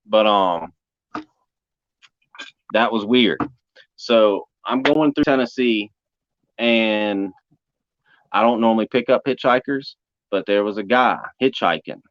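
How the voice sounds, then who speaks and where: Low-voiced man telling a story. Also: slow pace, pauses often, no echo. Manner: folksy, repeats "man" and "brother". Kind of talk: casual storytelling. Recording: dull muffled sound.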